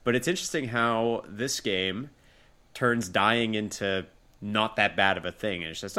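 Lower-voiced man with a bright edge. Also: measured pace. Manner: relaxed, easygoing storytelling. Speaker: podcast co-host. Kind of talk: casual podcast chat.

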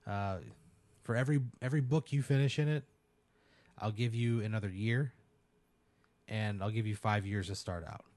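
A man's voice: normal speed, pauses often, darkish tone, no echo, close to an everyday voice. A man voicing a brash, crude male wizard who talks like a casual salesman. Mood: pushy. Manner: casual, swearing, salesman-like pitch.

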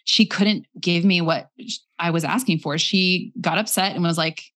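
A young woman casually telling a personal story, animated and acting out the voices of the people in it. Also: lowish voice, normal speed. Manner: animated, acts out quoted voices. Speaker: guest telling her story.

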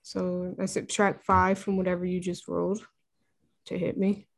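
A woman's voice: on the low side, flat delivery, normal speed, gravelly. A woman playing a tabletop role-playing game, casually explaining her moves. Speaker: player.

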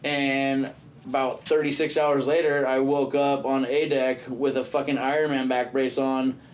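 A man's voice: medium pitch, level tone, measured pace. Profane man telling a rambling story. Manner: profane, rambling, says "dude" and "you know what I mean" often. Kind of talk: casual storytelling.

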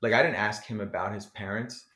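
Man from New Jersey, rapper guest, rambling animated talk, swears a lot, low-ish voice, echoey room. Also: brisk. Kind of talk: casual interview chat.

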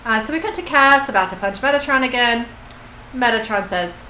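A woman's voice: fairly high pitch, lively intonation, brisk, sharp tone. A woman co-hosting a podcast who reads out an episode recap in casual chat, with many fillers and asides. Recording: echoey room with faint hiss.

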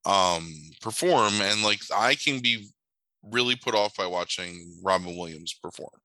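A man telling stories in casual chat, animated, swearing now and then and acting out the voices of people in his anecdotes. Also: fairly low pitch, unhurried, no room sound, low-quality recording.

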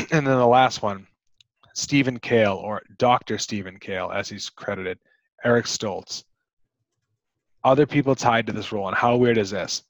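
A man's voice: on the low side, normal speed, no echo, poor audio. A man co-hosting a podcast, talking through a movie in a casual, rambling way with plenty of fillers. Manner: rambling, chatty with many fillers. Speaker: podcast co-host.

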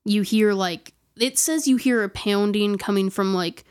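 A woman's voice: mid-range voice, a little slow, clean tone. A woman tells a spooky story to a friend in a loose, chatty way. She trails off, restarts her sentences and leans on "like" constantly. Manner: rambling, many "like" fillers and restarts. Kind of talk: casual storytelling chat.

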